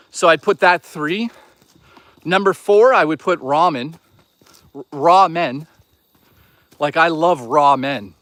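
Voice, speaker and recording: A man's voice: fairly high pitch, a bit bright, dry recording. A young man live-streaming as he walks outdoors in the woods, chatting in a crude, rambling, joking way. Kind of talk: casual live-stream chat while walking.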